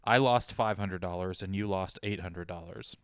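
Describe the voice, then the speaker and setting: A male podcast host who talks casually and tosses off wry jokes. His voice sits low and sounds smooth and clean. The sound is dry and close, with no room echo. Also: moderate pace. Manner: wry, joking asides. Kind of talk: casual comedic podcast chat.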